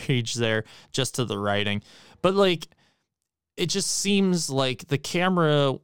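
A man's voice: mid-range voice, a bit bright, clear, resonant tone, no room sound, studio quality. A man co-hosting a podcast, giving a blunt, profane, emphatic movie critique in casual chat. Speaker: podcast co-host.

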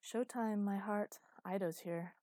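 A woman reading a teasing, flirtatious grown man, mock-romantic and deadpan, in an audiobook. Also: medium pitch, unhurried, dry recording, lightly acted. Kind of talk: audiobook character voice.

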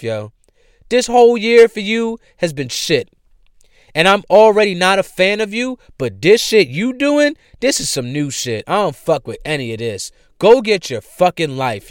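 A man's voice: sits high, no echo, clean studio sound. A young man from New hosting a solo podcast, ranting bluntly and profanely in a casual way. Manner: profane, blunt, heated rants then relaxed sign-off. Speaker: podcast host. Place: home room.

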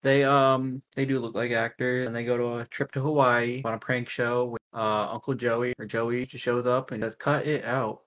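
A man's voice: medium pitch, little pitch movement, moderate pace, hardly any pauses, a bit bright. Man, podcast co-host, casual chat, dry humor.

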